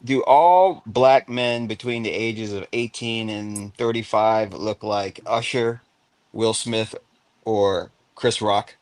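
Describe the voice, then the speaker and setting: A man's voice: fairly low pitch, takes it slowly, a little mellow, no room sound. A man hosting a late-night call-in panel, telling stories in a joking way and laughing as he talks. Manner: jokey storyteller, laughs through his lines. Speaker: host. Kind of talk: casual call-in chat.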